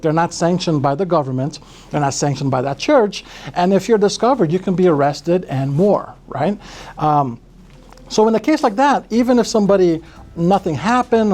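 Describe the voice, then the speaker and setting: A man from Brazil, an immigration lawyer, explaining cases in a podcast interview with animated delivery. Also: a little high. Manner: animated, acts out quotes in other voices.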